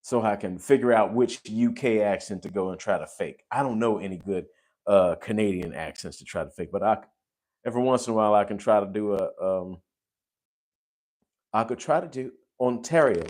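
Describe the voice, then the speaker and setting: A man hosting a casual livestream chat, effusive and gushing, breaking into sudden loud exclamations. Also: fairly low pitch, brisk. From United States. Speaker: host.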